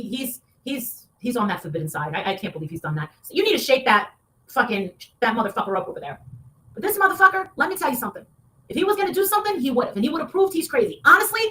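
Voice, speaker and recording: A woman talking in a heated, casual rant, swearing often and breaking into loud outbursts. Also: high-pitched, a little hiss or hum. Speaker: online show guest.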